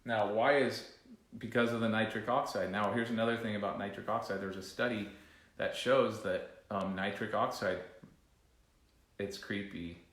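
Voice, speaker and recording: Low-voiced man coaching breathing. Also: steady tone, moderate pace, fairly bright tone. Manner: rambling, self-correcting, joking aside to a co-host. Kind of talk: casual breathwork class. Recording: echoey room.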